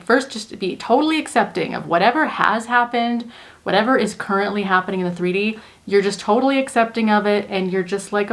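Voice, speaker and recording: A woman hosting her own video, explaining her coaching ideas to viewers in a casual, earnest monologue full of "like.". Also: mid-range voice. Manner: earnest, chatty, many "like" fillers. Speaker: manifestation coach and video host. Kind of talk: casual teaching monologue to camera.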